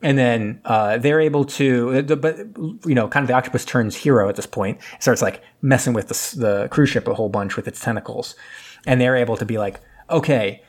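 A man's voice: mid-range voice, fairly quick. A man casually recapping a movie plot on a podcast, rambling with lots of fillers and losing his thread. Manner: rambling, filler-heavy, loses his train of thought.

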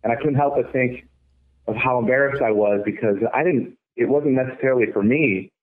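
A young man recounts his past in an earnest, reflective way, speaking as an interview guest. His voice sits at an ordinary pitch. It comes through a thin, tinny, phone-like line. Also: a little fast. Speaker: guest, former college baseball pitcher. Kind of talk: storytelling interview.

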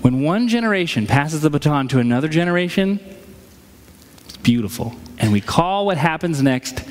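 Brief: male pastor in his thirties, conversational sermon, slightly high voice, long hall echo. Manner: conversational, animated, acts out quotes. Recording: echoey hall.

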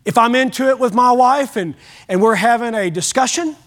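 A male pastor delivers his sermon in a notably high voice. His manner is folksy and emphatic, speaking plainly to the congregation and acting out prayers. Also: normal speed.

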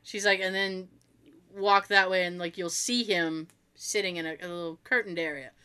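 Bright-voiced woman telling stories casually. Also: on the low side, moderate pace, clean tone. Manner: animated, swears freely, acts out family members' lines. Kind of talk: casual storytelling chat.

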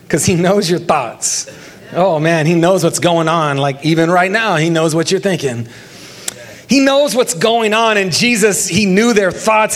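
A young man, a pastor, preaching a lively sermon with jokes and calls for the congregation to join in. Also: high-pitched. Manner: lively, joking, talks with the congregation.

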